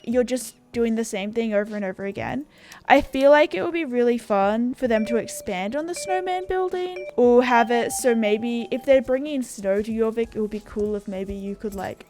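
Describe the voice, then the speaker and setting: An Australian woman with a voice pitched a touch above the usual, talking to her viewers in a loose, rambling way. She keeps stringing thoughts together with "like" and "you know", sounding relaxed and conversational. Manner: rambling and chatty, full of fillers like "like" and "you know". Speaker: gaming YouTuber. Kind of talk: casual chat.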